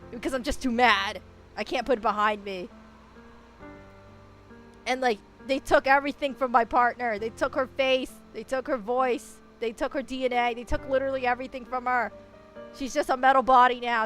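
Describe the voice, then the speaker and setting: A woman's voice: fairly high pitch, fairly even intonation, fairly quick, fairly bright tone, faint music behind. A woman streamer giving casual game commentary, chatty and swearing, swinging into emotional rants.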